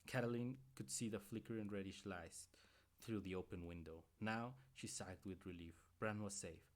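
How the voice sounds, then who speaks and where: A man's voice: on the low side, moderate pace. A man reading a novel aloud on a stream, often stumbling and correcting himself mid-sentence.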